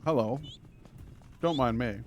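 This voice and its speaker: A man's voice: mid-range voice, a little slow, a little hiss or hum. Playful man streaming a game. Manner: playful, chatty, slips into silly voices for characters. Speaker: livestreamer playing a video game. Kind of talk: casual gameplay commentary with read-aloud dialogue.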